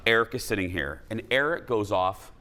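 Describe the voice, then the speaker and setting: A man's voice: on the low side, lively intonation, normal speed, sharp tone, slight background noise. A man hosting a talk show in a studio, chatty and joking, rambling with fillers. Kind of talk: casual studio chat. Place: TV studio with audience.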